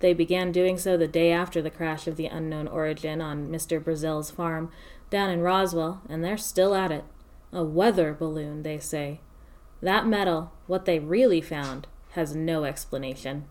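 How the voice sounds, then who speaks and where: A woman narrates a first-person story in a fairly low voice. Her delivery is steady and measured, with lines laid out one at a time.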